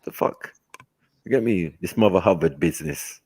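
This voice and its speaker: A man telling stories in a casual chat, animated and slangy, laughing often. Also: low-pitched, moderate pace, breathy edge, no room sound. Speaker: host.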